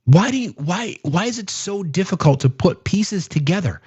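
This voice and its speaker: A man's voice: high voice, lively intonation, normal speed, a little mellow, husky, no echo, lo-fi sound. A man hosting a political commentary stream, talking in an exasperated, sarcastic way and firing off rhetorical questions.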